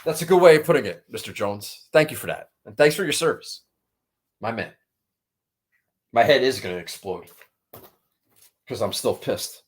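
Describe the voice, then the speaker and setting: A man's voice: mid-range voice, expressive, moderate pace, long pauses, breathy edge. A man hosting a golf betting show, talking in a rambling, profane, frustrated way. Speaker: golf betting podcast host. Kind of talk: casual chat.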